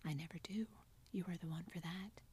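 A woman's voice: fairly low pitch, fairly quick, dark tone, slight background noise, natural voice. A woman voicing a playful, teasing tall young man in a whispered role-play, with theatrical banter.

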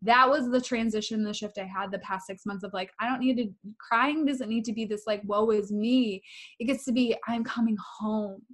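A woman's voice: fairly high pitch, steady tone, fairly quick, hardly any pauses, a bit bright. A woman talking candidly and emphatically in a casual spiritual chat, repeating phrases for effect.

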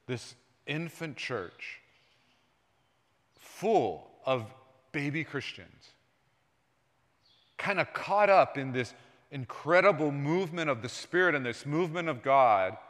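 Guy preaching at church, chatty sermon, voice goes quiet then loud, echoey hall. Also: on the high side, animated, takes it slowly, pauses often. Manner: conversational preaching, jumps between soft and loud. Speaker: pastor. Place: church sanctuary. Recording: long hall reverb.

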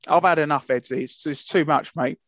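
An English man co-hosting a casual podcast rants with passion and indignation, swearing freely. His fairly high voice is a bit bright and fairly quick. The recording is dull, lo-fi and dry, with no room sound.

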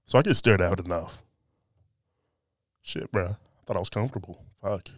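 A man's voice: deep voice, moderate pace, no echo, studio quality. A man hosting a casual solo podcast indoors, talking in a loose, joking, profane and rambling way. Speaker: podcast host. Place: indoors by a window. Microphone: podcast mic.

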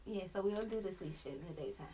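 A woman in her thirties hosting a podcast, talking loudly and swearing freely, with frequent laughter. Her pitch sits in the middle for a woman, and a faint hiss runs under the recording. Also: animated, racing. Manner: loud, profane, laughs often. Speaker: podcast host. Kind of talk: casual chat.

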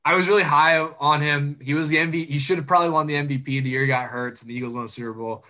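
A young man chats about sports with a bright, forceful voice. He jokes and leans into sarcasm, laughing as he talks. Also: a little high, fairly even intonation, rapid-fire. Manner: joking, sarcastic, laughs often. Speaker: sports podcast co-host. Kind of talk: casual sports chat.

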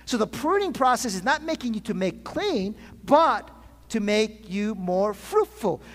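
A man's voice: sits high, big pitch swings, measured pace, a bit bright. A man pastor preaching a sermon to his congregation, asking for call-and-response amens and often restarting his phrases. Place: church sanctuary. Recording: long reverb of a large hall.

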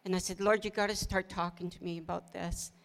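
Her voice is lowish, steady, brisk and creaky. As co-host of a casual ministry conversation, this middle-aged pastor's wife recounts her experiences earnestly, with frequent laughter and quotes from her own prayers.

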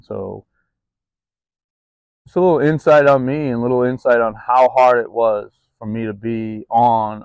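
A man with a low, gravelly voice talks in a loose, confessional vlog, full of ums and restarts. The sound is close and dry, recorded outdoors in the cold. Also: no echo, dull audio. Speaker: vlogger. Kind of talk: candid personal vlog.

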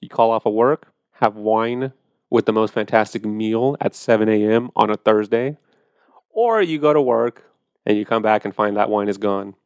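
A man's voice: fairly low pitch, moderate pace, clean tone, dry recording. A man hosting a podcast, chatting casually and animatedly about wine, with profane storytelling. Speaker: podcast host.

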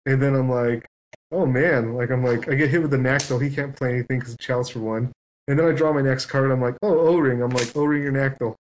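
A man's voice: medium pitch, fairly even intonation, fast, a little hiss or hum, rough recording. A man on a podcast telling a long story in casual chat, acting out both sides of it. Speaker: guest.

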